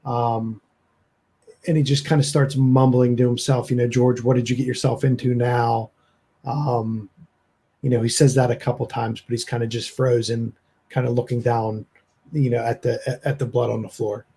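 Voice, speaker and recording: A man's voice: medium pitch, flat delivery, moderate pace, warm tone, husky. A man playing a tabletop horror game, describing his character's actions in a hesitant way, with lots of ums and you-knows. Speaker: player.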